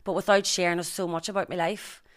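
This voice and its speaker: A woman in her thirties with a Northern Irish accent, guesting on a podcast and telling animated stories with acted-out quotes. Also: on the low side, a little fast. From Northern Ireland. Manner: animated storyteller, acts out quotes. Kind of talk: casual storytelling chat.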